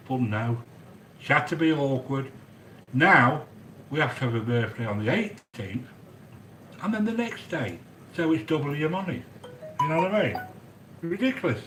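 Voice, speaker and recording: A man hosting a chatty cooking stream from a home kitchen, rambling excitedly and answering viewers by name. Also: a little high, normal speed, pauses often. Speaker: cooking video host. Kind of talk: chatty cooking livestream monologue. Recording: echoey room with faint background noise.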